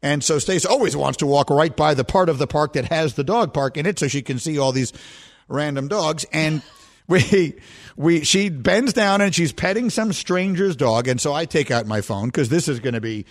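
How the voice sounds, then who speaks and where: At a moderate pace and with a voice a little on the high side, a man hosts sports radio at a studio mic. He banters casually, tells stories with animation, and regularly breaks into laughter.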